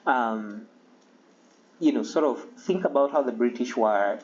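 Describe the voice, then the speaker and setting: A man giving a history lecture to a class, halting with many ums and frequent throat-clearing. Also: medium pitch. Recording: dull lo-fi recording with faint hiss.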